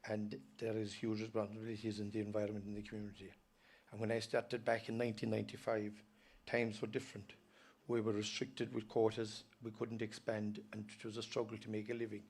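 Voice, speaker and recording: An Irish dairy farmer giving an earnest, halting personal talk at a live event, often stopping to restart his sentences. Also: on the low side, completely flat delivery, a little mellow, breathy edge. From Ireland. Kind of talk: personal storytelling speech.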